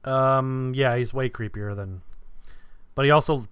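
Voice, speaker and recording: A young man with a mid-pitched voice trades dry, sardonic jokes as a podcast co-host. His voice sounds close and dry, with no room around it. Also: measured pace, fairly bright tone, clean tone, dry recording. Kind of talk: casual movie review chat.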